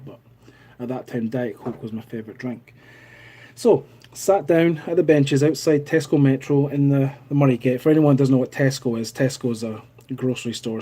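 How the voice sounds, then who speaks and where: Scottish guy live streaming, mellow and a bit husky, chatty, reads out comments. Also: mid-range voice. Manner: chatty storytelling, laughs at own anecdote. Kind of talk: casual live-stream chat reading comments.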